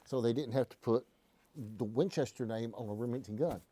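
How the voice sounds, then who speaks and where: A man's voice: medium pitch, fairly quick, mellow, a little hiss or hum. A man hosting a casual live stream from a gun shop, telling stories in a folksy, joking way. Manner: folksy, joking, rambling explanations. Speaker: host.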